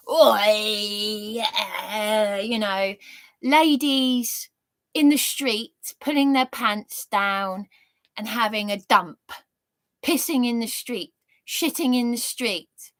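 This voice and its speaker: A woman's voice: medium pitch, a bit bright, no echo. A woman in her thirties giving an indignant, sweary, sarcastic rant on a livestream. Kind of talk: angry monologue on a livestream.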